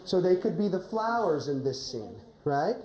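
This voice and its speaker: A woman's voice: on the low side, big pitch swings, moderate pace, echoey room, crowd noise, rough recording. A woman coaching a teacher through a classroom drama lesson, often ending phrases with a questioning "right?". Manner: ends phrases with a rising "right?".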